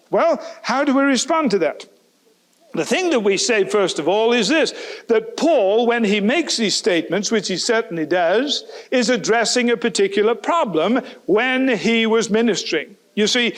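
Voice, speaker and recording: A man preaching a sermon, animated, putting rhetorical questions to the listeners and acting out the people he quotes. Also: high-pitched. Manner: animated, voices quoted speakers.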